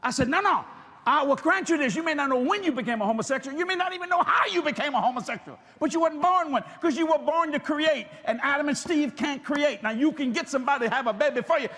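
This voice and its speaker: A male preacher, telling stories in a sermon, animated and joking, bursting into shouted emphasis. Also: very high voice, quick pace. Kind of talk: sermon with storytelling.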